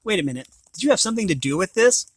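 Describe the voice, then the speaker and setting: A worried mother hyena fusses over her daughter, as a man reading aloud gives her voice. The tone is bright and a little high, with a motherly, fretting manner. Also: a little fast, no echo. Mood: fussing.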